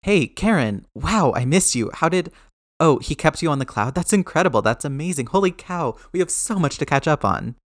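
Guy doing a gushy young superhero kid, talks fast and excited, dry recording. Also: mid-range voice, dry recording, lightly acted.

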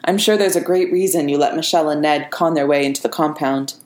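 A woman's voice: low-pitched, fast, darkish tone, natural voice. A woman voicing a brash middle-aged male inventor who talks sarcastically and dismissively. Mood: sarcastic. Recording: echoey room.

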